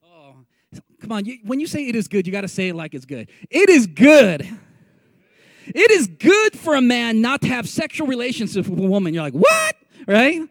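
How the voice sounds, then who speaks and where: A man preaching a sermon in a lively, conversational way, joking with his audience and prompting them to repeat phrases back to him. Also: very high voice, brisk, no room sound. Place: meeting room with a live audience.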